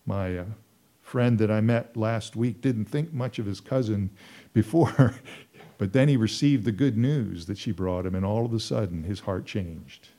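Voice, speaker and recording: Man, preacher, sermon, earnest storytelling, repeats phrases, warm dark tone. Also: fairly low pitch, a little slow.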